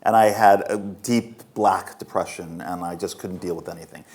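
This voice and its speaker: Brief: man in his fifties, low voice, candid self-mocking festival Q&A storyteller. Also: fairly even intonation, moderate pace, darkish tone. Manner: frank, self-mocking, laughs while telling stories. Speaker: author answering audience questions. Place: festival stage before an audience.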